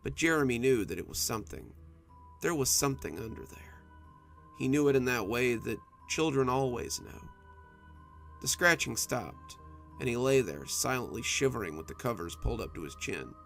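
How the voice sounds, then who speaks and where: A man reads a spooky story aloud in a gravelly, creaky voice, his pitch rising and falling dramatically through each line. Soft music plays faintly underneath the narration. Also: animated, moderate pace.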